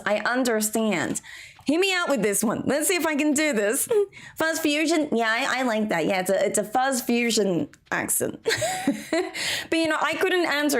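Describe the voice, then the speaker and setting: A woman from Australia streaming a farming game, chatting casually with her viewers and giggling often as she plays. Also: fairly high pitch. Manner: chatty, giggly, talks to chat while playing. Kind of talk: casual gameplay commentary.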